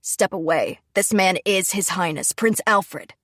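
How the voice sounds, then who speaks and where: A stern young nobleman chastises in a lowered, firm voice, as a woman reader puts him on. He sounds severe and threatening, with a husky grain, in a storybook reading. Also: a little slow, fairly bright tone, no echo, studio quality. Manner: low, stern.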